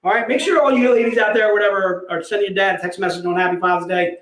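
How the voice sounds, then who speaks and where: A man's voice: high voice, fairly even intonation, fast talker, fairly bright tone. A man hosting a casual live sales stream from an office, joking around, laughing often and calling people "dude". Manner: jokey, laughs often, says "dude" a lot. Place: company office. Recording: roomy echo.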